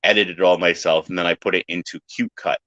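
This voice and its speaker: A man in casual chat who tells animated stories, acting out other people's lines in silly high voices and swearing freely. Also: quick pace, dry recording. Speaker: podcast panelist. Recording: dry, dull lo-fi sound.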